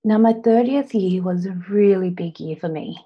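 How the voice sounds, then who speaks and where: An Australian woman in her thirties giving an earnest personal story speech, often pausing on "now" to set up the next part. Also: medium pitch, breathy edge, highs cut off. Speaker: public speaker.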